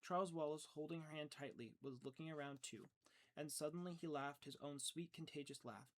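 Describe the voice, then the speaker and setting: A man's voice: fairly high pitch, fairly quick. A man narrating an audiobook earnestly, stumbling and restarting now and then. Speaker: audiobook reader.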